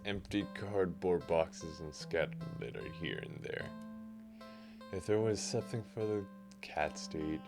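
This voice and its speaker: A man's voice: low-pitched, creaky. A man streaming live, reading a text game aloud in the second person and reacting as he goes.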